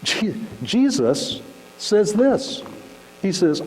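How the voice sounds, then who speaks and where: A man preaching a conversational sermon as pastor, animated and acting out little scenes. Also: sits high, takes it slowly. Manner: conversational, animated, acts out shouting examples. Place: church sanctuary. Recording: hall reverb with faint mains hum.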